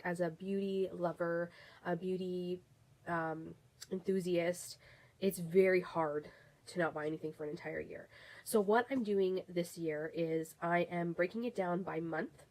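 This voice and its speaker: A woman's voice: on the low side, fairly even intonation, unhurried, darkish tone, low-quality recording. A young adult woman beauty vlogger chatting casually to camera, rambling with restarts and fillers. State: has the hiccups.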